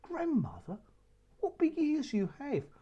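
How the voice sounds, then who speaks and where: A man voicing an innocent, curious little girl in a children's story, speaking in a high, wondering child's voice. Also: wildly swooping pitch, measured pace, mellow, highs cut off, exaggerated voice.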